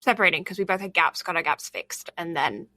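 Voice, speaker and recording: A woman's voice: lowish voice, fairly quick, sharp tone, no room sound. A woman co-hosting a casual podcast chat with a slight lisp, rambling and laughing often. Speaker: podcast co-host.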